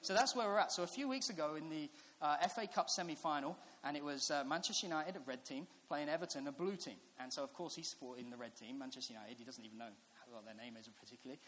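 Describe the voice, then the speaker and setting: Preacher telling family stories. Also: male voice, a little high, quick pace, hardly any pauses, a bit bright. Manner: chatty, storytelling, building to earnest reflection. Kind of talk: sermon with personal stories. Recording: echoey hall with faint hiss.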